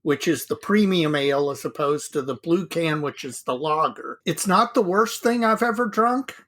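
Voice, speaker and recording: A man's voice: a little high, lively intonation, moderate pace, a bit bright. A man co-hosting a casual hobby podcast, chatting in an easygoing, self-deprecating way. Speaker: podcast co-host.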